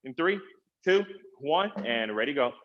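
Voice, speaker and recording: A man's voice: mid-range voice, very animated, a little slow, lo-fi sound. Upbeat man coaching a workout. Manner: upbeat, encouraging, counts down reps. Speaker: personal trainer. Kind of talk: live online workout coaching.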